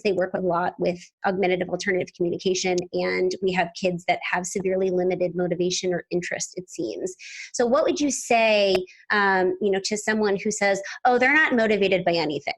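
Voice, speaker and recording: A woman hosting a podcast interview, upbeat and chatty, quick to laugh. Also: medium pitch. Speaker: podcast host.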